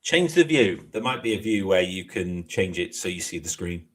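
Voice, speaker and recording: A man's voice: sits low, very animated, normal speed, fairly bright tone, husky. An English man co-hosting a casual podcast chat over a remote call, laughing often and swearing casually. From England. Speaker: co-host.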